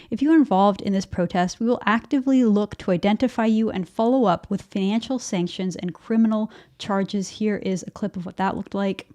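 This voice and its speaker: A woman's voice: mid-range voice, darkish tone. A woman delivering opinionated news commentary in an indignant, emphatic manner, often repeating words.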